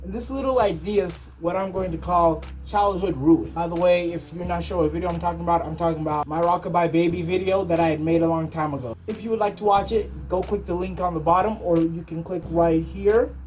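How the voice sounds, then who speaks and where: A woman's voice: fairly low pitch, brisk, hardly any pauses, darkish tone, faint music behind. A woman vlogger telling a comedic story in a jokey, mock-outraged way.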